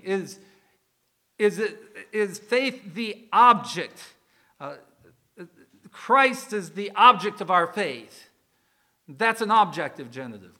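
A man's voice: a little high, pushed and bright. A male pastor preaching a conversational sermon, asking the congregation questions and explaining a verse. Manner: conversational, asks the congregation questions, uses some fillers.

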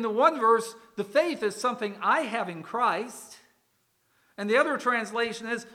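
A man's voice: high-pitched, bright, forceful tone. A male pastor preaching a conversational sermon, asking the congregation questions and explaining a verse. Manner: conversational, asks the congregation questions, uses some fillers.

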